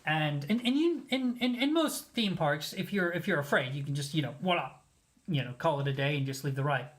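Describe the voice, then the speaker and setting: A host telling a story in a casual, animated way, mocking himself and acting out what people said. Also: medium pitch, fairly quick. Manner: animated, self-mocking, acts out quoted lines.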